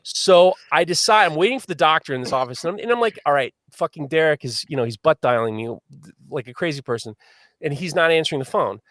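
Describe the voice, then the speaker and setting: A man hosting a live podcast, telling a long story in a lively, swearing manner. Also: fairly high pitch, fast talker, dry recording, clean studio sound. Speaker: podcast host.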